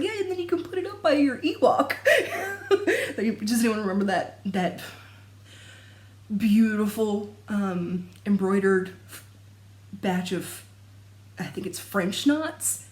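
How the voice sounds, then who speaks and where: A young adult woman chatting casually to camera about her stitching, rambling and laughing often. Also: mid-range voice. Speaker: cross-stitch vlogger. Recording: echoey room.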